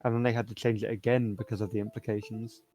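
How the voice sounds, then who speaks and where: A man's voice: fairly low pitch, flat delivery, fast, warm tone, a little hiss or hum. Joking rambling man on voice chat. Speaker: guiding player. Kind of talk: casual gaming chat.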